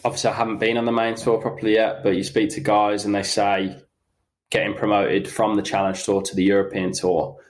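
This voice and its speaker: Young bloke, lowish voice, all over the place with it, laughing at himself through a golf story. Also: male voice. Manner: animated, self-mocking anecdotes with quick asides. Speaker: professional golfer guest. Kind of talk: casual podcast storytelling.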